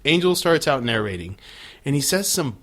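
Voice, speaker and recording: A male podcast co-host in easygoing chat, recapping a show with crude jokes and running commentary. His voice sits in an ordinary middle pitch. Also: big pitch swings, moderate pace, fairly bright tone. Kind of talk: casual chat.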